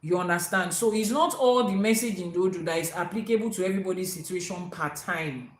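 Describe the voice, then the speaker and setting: A woman with a lowish voice speaks fast, teaching as an Ifa priestess in an echoey room. Her spiritual teaching talk is emphatic, repeating key words and quoting proverbs.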